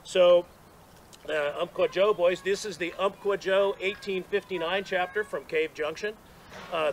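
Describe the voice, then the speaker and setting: Speaking at a monument dedication outdoors, this man has a somewhat high voice. The audio is poor with a little background noise, and his rambling, self-deprecating story comes with restarts and laughter.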